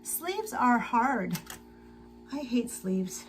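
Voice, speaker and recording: A tired woman hosting a casual sewing livestream, chatting slowly to viewers and to herself as she works. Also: fairly high pitch, big pitch swings, soft background music, low-quality recording. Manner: slow, chatty, talks to herself while working. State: tired and sleepy.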